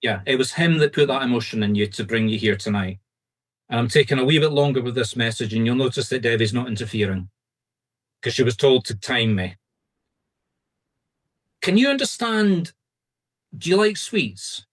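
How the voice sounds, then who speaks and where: Over a video call, a medium from Scotland offers a group readings that are quick, insistent and reassuring. He speaks with a Scottish accent at a medium pitch.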